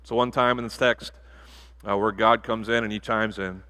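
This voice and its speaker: A pastor giving a sermon in a church, animated and jokey, with bursts of loud emphasis. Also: male voice, lowish voice, moderate pace. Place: church sanctuary.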